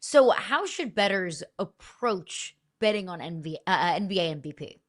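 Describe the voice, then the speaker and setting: A woman hosting a sports talk show, putting clear set-up questions to a guest analyst. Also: lowish voice, lively intonation, normal speed. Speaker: show host.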